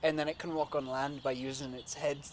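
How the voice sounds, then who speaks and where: A man's voice: fairly high pitch, flat delivery, fairly quick, slight background noise. A young American man joking around in a casual chat while hamming up a put-on Irish accent. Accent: American attempting Irish. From United States. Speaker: co-host.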